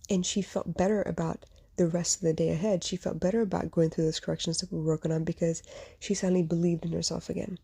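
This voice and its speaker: A woman's voice: on the low side, little pitch movement, fast, creaky, dark tone, slightly rough. A woman hosting a podcast, telling a personal story in an earnest, reflective way and speaking straight to the listener. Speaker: podcast host; mother and small business owner.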